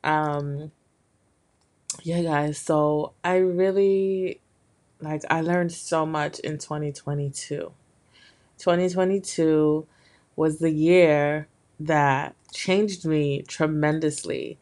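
Young woman podcaster with a low sick hoarse voice, just rambling on honestly, lots of likes. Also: steady tone, slow pace, a little mellow. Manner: rambling, candid, lots of fillers and restarts. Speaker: podcast host. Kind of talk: casual solo podcast talk.

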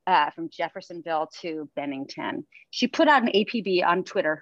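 A woman running coach, chatting on a podcast, telling lively stories and often laughing. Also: lowish voice, a little fast, no echo, muffled recording. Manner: chatty storyteller, laughs often, acts out quotes. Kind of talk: casual chat.

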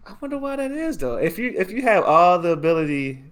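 A man co-hosting a casual chat about rap music, easygoing and quick to laugh. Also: high-pitched, big pitch swings.

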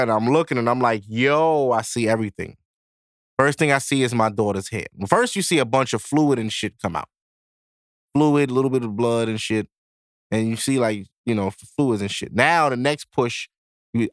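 A young man hosting a podcast, telling a story in a casual, animated way, swearing and laughing as he goes. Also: mid-range voice, no echo, studio quality. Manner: animated, profane, laughing while he tells it. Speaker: podcast host.

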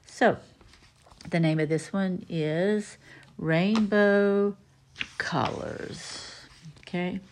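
A woman reading a children's picture book aloud with expressive delivery. She reads slowly, with a lively rise and fall and a creaky edge. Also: fairly low pitch, slight background noise. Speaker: storybook reader.

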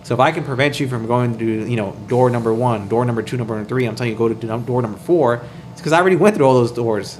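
Fast-talking man telling a story. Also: mid-range voice, a little hiss or hum. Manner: animated, profane, acts out quoted dialogue. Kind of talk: casual storytelling chat.

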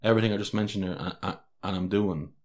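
A man with an Irish accent and a very low, deep voice hosts a solo podcast. He talks candidly and in a rambling way, restarting his sentences and swearing freely as he goes. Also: fast. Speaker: podcast host.

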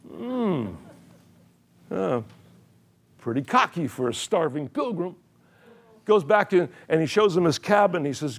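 A man's voice: a little high, lively intonation, a little slow, long pauses. An older man preaching a sermon in a church, telling a story with chuckles and many repeated words. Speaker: pastor.

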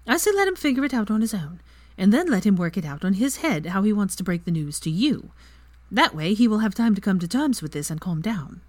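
A woman reading aloud and voicing a calm, knowing young witch who gives matter-of-fact advice. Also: mid-range voice, no room sound.

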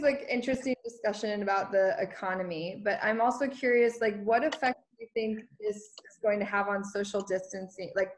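Woman, teacher, casual class discussion, curious questioning tone, mid-pitched voice. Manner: inquisitive, prompts students with questions. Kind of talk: conversational group discussion with students.

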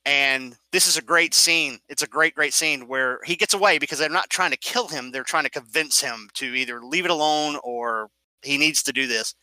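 A man's voice: fairly high pitch, moderate pace, no room sound, poor audio. A man in casual conversation, animatedly retelling film scenes and explaining details. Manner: animated storyteller, acts out scenes. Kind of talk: casual movie discussion.

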